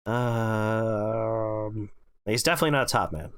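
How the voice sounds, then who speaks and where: A man's voice: medium pitch, expressive, moderate pace, fairly bright tone, no room sound. A sick young man thinking aloud as he streams a mystery game, musing over his guesses between coughs. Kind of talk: casual let's-play commentary.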